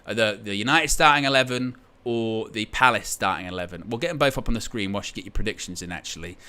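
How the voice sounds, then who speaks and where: A man hosts a live football stream and talks casually to his chat. His voice is bright and forceful, and he rambles in a jokey, sarcastic way. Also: fairly low pitch, quick pace, clean tone. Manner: chatty, rambling, jokey and sarcastic, often laughing.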